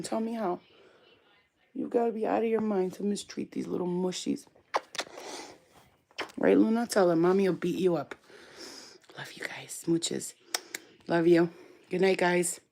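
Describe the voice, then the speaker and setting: A woman hosting a casual live stream, chatty and affectionate, who coos at her pet in a high baby voice. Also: fairly even intonation, measured pace, gravelly, pauses often, mellow. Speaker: spiritual reader, channel host.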